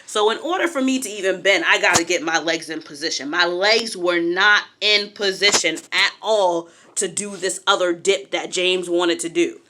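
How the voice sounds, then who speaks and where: A woman's voice: on the low side, normal speed, few pauses, background noise. A young adult woman telling a personal story in a casual, candid way, acting out what others said. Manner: animated, candid, acts out quotes.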